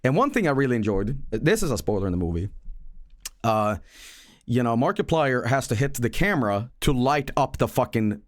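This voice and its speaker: A man's voice: mid-range voice, sing-song, normal speed, no room sound, clean studio sound. A man streaming live, chatting casually about a movie he saw, with rambling, profane, joking storytelling.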